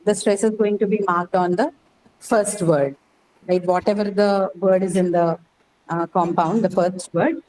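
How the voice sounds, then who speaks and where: A woman teaching an English class, explaining slowly and checking in with "right?" after each point. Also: mid-range voice, dark tone, a little hiss or hum, low-quality recording. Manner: explains patiently, says "right?" often. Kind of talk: online class lecture.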